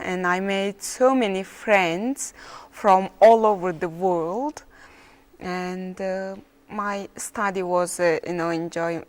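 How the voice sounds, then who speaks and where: A woman veterinarian from Mongolia with a Mongolian accent, answering interview questions in careful, halting English learned as a second language. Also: lowish voice.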